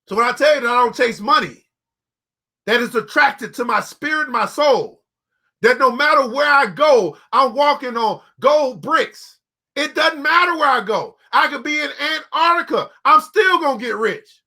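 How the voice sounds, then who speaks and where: A man hosting a motivational talk, preaching in an emphatic, repetitive way and now and then shouting. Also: very high-pitched, expressive, moderate pace. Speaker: motivational show host.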